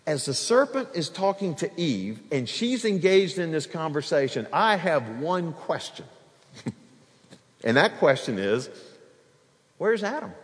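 High-voiced preacher guy, really animated, big echoey church hall. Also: unhurried. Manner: animated, acts out dialogue, varies loudness. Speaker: pastor. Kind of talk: expository sermon. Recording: long hall reverb.

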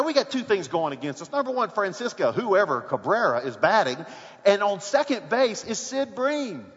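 A man preaching a sermon, telling a sports story with rising excitement and shouts. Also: very high-pitched, long reverb tail, highs cut off.

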